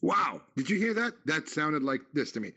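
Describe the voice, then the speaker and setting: A man's voice: fairly high pitch, sing-song, moderate pace, gravelly, pushed and bright, slightly rough, highs cut off. A man co-hosting a goofy radio chat show, joking and hamming it up like a mock announcer. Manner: playful, sing-song, mock announcer. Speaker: co-host.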